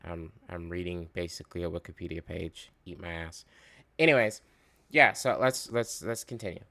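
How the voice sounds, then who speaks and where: Guy ranting and cussing, bright voice, fired up. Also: low voice, normal speed, gravelly. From United States. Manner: profane, rambling, fired up. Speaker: commentator reacting to a video. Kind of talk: casual ranting commentary.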